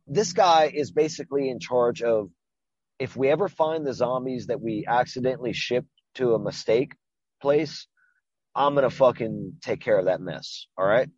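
Profane, husky man rambling about a movie. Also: mid-range voice, no echo, lo-fi sound. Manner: profane, rambling, animated retelling. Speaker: podcast co-host. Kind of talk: casual movie-review chat.

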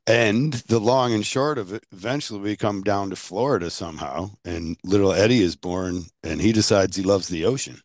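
A man's voice: lowish voice, normal speed, few pauses, darkish tone, no echo, clean studio sound. A man hosting a podcast, jokey and chatty, firing off casual questions. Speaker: podcast host.

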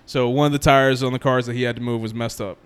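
Telling friends a long, casual story, this young New Jersey man animatedly acts out other people's quotes and laughs a lot. He speaks quickly at a medium pitch, with a clear, resonant tone.

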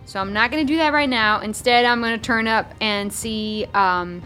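Playful woman player, higher pitch, clear music behind. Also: normal speed. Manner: excitable, playful. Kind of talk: casual game chat.

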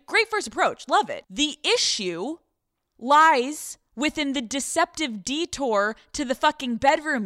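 A woman's voice: fairly high pitch, a bit bright, no echo, clean studio sound. A woman hosting a podcast, telling stories in a brash, profanity-laced comedic monologue. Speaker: podcast host.

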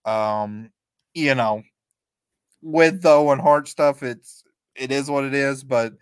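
A man co-hosting a podcast, recapping events play by play in a relaxed, chatty way and chuckling often. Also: mid-range voice, takes it slowly, smooth, dry recording. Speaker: podcast co-host. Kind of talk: casual recap chat.

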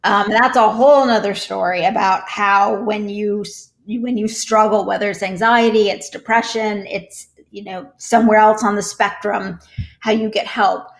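A woman's voice: medium pitch, fairly even intonation, normal speed, creaky. A middle-aged woman, a podcast guest, speaking earnestly and with emotion about her personal struggles. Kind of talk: candid conversational interview.

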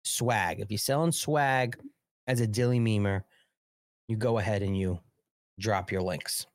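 A man's voice: lowish voice, a little slow, dry recording, studio quality. An American man hosting a live stream, reading news aloud, breaking off to chat and thank viewers, rambling and profane. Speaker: live show host. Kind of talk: casual live-stream commentary.

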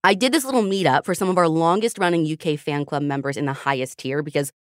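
A woman in her thirties hosting a podcast, chatting fast and laughing between stories. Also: deep voice, dry recording, studio quality. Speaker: podcast host. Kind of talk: casual chat.

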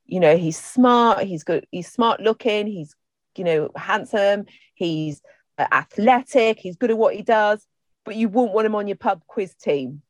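A woman's voice: medium pitch, lively intonation, a little slow, dry recording. A middle-aged woman chatting casually as a podcast co-host, rambling through stories with plenty of fillers and restarts. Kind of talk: casual chat.

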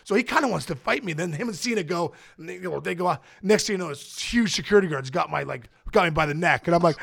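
Brief: excitable, rambling male podcast guest, quick delivery, dry close sound. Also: high-pitched, vocal fry, no room sound. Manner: rambling, excitable, many restarts and fillers. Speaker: guest, former baseball player. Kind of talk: animated storytelling in casual chat.

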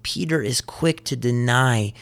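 An earnest male preacher with a mid-pitched voice delivers a sermon. He retells the passage like a story and addresses the listeners directly. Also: a little slow, creaky. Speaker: pastor.

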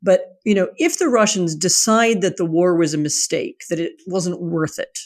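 A woman guest answering interview questions in a measured, thoughtful way, with many 'you know' fillers. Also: on the low side, darkish tone. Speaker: guest, writer.

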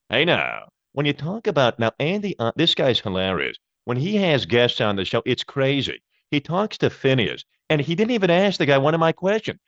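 A man's voice: mid-range voice, no room sound. A man voicing a brash, crude older male radio host who rambles and pries. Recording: dry, slightly dull sound.

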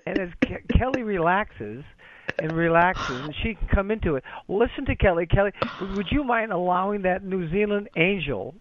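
Playful male caller, high and animated, lo-fi phone sound. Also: moderate pace, no room sound. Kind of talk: casual call-in chat. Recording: lo-fi phone line.

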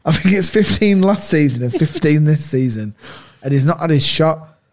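Higher-voiced man with dry quips. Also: lively intonation, moderate pace, darkish tone. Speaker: podcast co-host. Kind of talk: casual fan podcast chat.

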